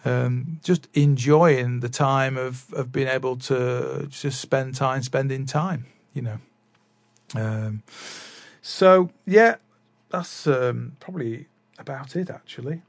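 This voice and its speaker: A man's voice: medium pitch, fairly even intonation, takes it slowly, vocal fry, no echo. Rambling man, dry close mic. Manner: rambling, many fillers and restarts. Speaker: drummer vlogger. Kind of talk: casual chat.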